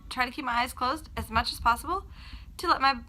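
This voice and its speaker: A woman with children chatting casually to camera in a vlog, telling a story with lively acted-out quotes. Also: high voice, quick pace, a little hiss or hum, rough recording. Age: adult with children. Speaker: vlogger.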